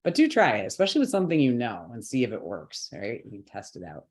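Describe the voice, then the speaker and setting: A woman's voice: a bass voice, huge pitch swings, fast, a little mellow, breathy edge. A woman teaching the pronunciation of a chanted mantra, breaking it into syllables and repeating each sound patiently. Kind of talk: slow syllable-by-syllable chanting lesson.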